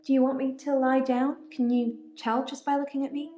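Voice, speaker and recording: A woman voicing an odd young patient with blackouts, speaking calmly and unbothered, in echoey game audio. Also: high voice, brisk, close to an everyday voice.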